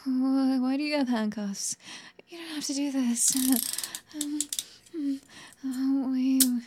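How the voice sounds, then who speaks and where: A woman voicing a sharp-tongued young woman in an adult audio role-play, sarcastic at first, later stammering and pleading. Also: sits high, slow, slight background noise. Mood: frightened.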